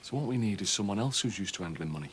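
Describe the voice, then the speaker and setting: An actor playing a jokey, smooth-talking local man in a soap opera. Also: on the low side, lively intonation, racing. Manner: jokey, breezy, cheeky.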